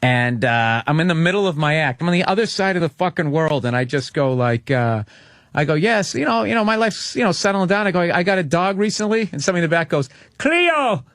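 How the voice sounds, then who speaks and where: A man's voice: a little high, animated, quick pace, a bit bright, no echo. Man telling rambling profane stories, dry sound. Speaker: comedian guest. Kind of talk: casual anecdote on talk radio.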